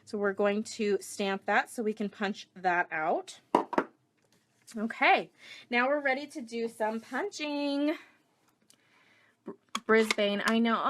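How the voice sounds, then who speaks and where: A woman's voice: a little high, slow, pauses often, noisy background. A middle-aged woman demonstrating a paper craft project live, chatting and greeting viewers between steps. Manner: chatty, reads viewer comments aloud.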